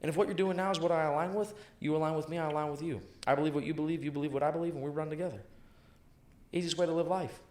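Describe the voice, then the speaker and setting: A man's voice: on the high side, fairly even intonation, racing, darkish tone, slight background noise. A man being interviewed about sales, talking in an emphatic, blunt and profane way, repeating lines for punch. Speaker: sales professional guest. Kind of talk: motivational interview talk. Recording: echoey room.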